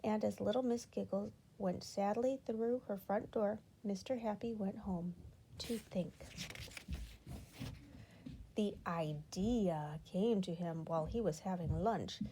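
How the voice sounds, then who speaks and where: A woman reading a children's storybook aloud in an expressive, unhurried way. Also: medium pitch, slight background noise. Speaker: children's book reader.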